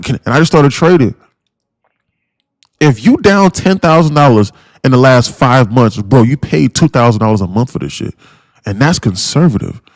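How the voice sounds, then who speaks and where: A man's voice: medium pitch, darkish tone, no room sound. A man who hosts a day-trading live stream, ranting bluntly and repetitively at his viewers, swearing freely and calling them guys and bro. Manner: blunt, profane, repetitive and pushy.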